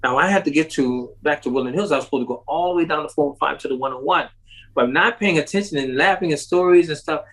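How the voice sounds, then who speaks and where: Telling a long story as an interview guest, a man speaks at a quick pace and laughs often, acting out the voices of the people in it with sharp rises in pitch. The storytelling is animated, and the recording is rough.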